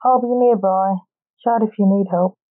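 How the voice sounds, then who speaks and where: A woman's voice: mid-range voice, steady tone, moderate pace, narrow, tinny audio, close to an everyday voice. A woman voicing a snappish, grim middle-aged male coroner in a read-aloud story. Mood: stern.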